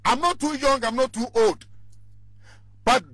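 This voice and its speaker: Husky, high-voiced Ghanaian man arguing. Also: measured pace, fairly bright tone, no echo. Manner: passionate, argumentative, mixes Twi and English. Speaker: political guest commentator. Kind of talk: radio talk show debate.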